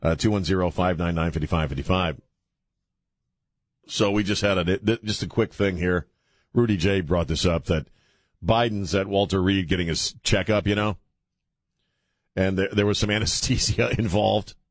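A man's voice: sits low, no room sound, clean studio sound. An older man hosting a talk radio show, joking about himself and then telling a news story with many fillers. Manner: joking and self-mocking, halting with many fillers when reading stories. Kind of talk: casual talk radio banter and news commentary. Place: radio studio. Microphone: studio microphone.

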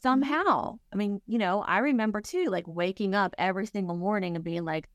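A woman's voice: mid-range voice, a little fast, dry recording. Middle-aged woman, grief counselor guest; candid, earnest, conversational; mid-range voice, dry close recording. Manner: earnest, candid, acts out her own thoughts. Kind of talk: heartfelt conversational interview.

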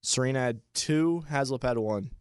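A man co-hosting a casual sports talk show, insistent and quick to argue his point. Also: mid-range voice, clean tone, no echo, studio quality. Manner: insistent, argues over others.

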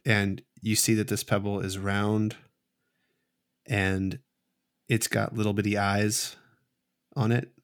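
Man, game master, low gravelly voice, flat delivery, slow halting narration. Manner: slow, halting storytelling with many restarts.

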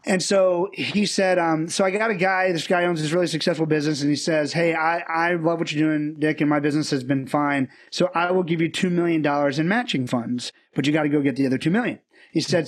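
A man telling stories as a guest on an interview show, acting out the people he quotes. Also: fairly high pitch. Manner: fast, animated storyteller who acts out quotes. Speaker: podcast guest. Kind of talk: casual storytelling interview.

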